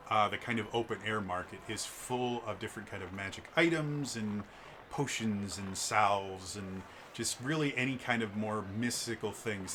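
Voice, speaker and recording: A man narrating as the game master of a tabletop role-play, describing scenes haltingly with many fillers. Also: on the low side, bright, forceful tone, a little hiss or hum.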